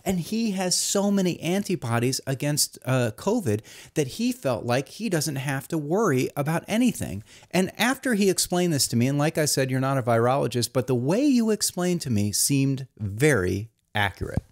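A man hosts a satirical comedy show in a mock-earnest, deadpan monologue. His pitch bounces around a lot, and he rambles from one point to the next. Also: moderate pace, hardly any pauses.

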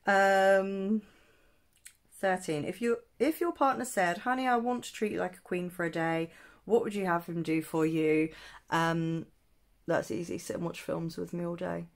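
A young woman's relaxed makeup vlog, spoken slowly in a lowish voice. She muses over each question, pausing with plenty of ums and teasing herself gently. It sounds close and casual, like she's talking to camera while working. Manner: thinking aloud with many ums, self-teasing. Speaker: beauty vlogger. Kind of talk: chatty makeup tutorial vlog.

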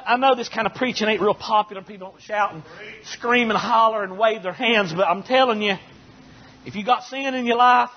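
High-voiced husky preaching man. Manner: folksy and joking, building to shouted preaching. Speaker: Baptist preacher. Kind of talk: sermon. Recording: dull lo-fi recording.

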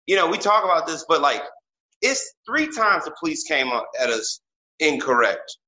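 A man's voice: a little high, very animated, normal speed, sharp tone. A man co-hosting a casual podcast, talking emphatically and leaning hard on filler words. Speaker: podcast co-host.

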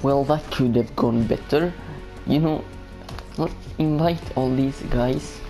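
A Swedish-accented man gives casual commentary over a video game, joking and swearing as he stumbles through restarts. He talks slowly at a middling pitch. Loud game music plays behind him. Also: rough recording. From Sweden. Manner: joking, profane, full of halting restarts. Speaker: gaming video maker.

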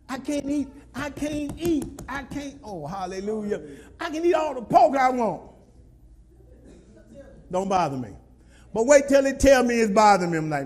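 A man preaching a sermon as pastor, scolding and repeating himself to the congregation, sometimes shouting. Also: very high-pitched, lively intonation, normal speed.

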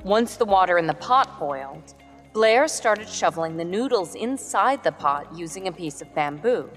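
Woman reading a story calm and steady, lowish voice, long reverb and music under it. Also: moderate pace. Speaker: narrator. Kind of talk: storybook narration.

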